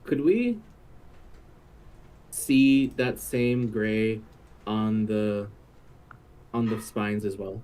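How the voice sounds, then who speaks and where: A man on a stream call calmly suggesting design changes. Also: on the low side, very slow, long pauses, slight background noise. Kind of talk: casual chat.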